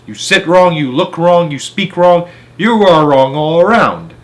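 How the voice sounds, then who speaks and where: A man's voice: a little high, sing-song, a little slow, pitched above the performer's own voice. A man voicing a huge, bullying headmistress who bellows and sneers at a pupil, in a storybook reading. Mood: bellowing scorn. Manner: bellowing, scornful. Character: huge fierce female headmistress, bullying and domineering.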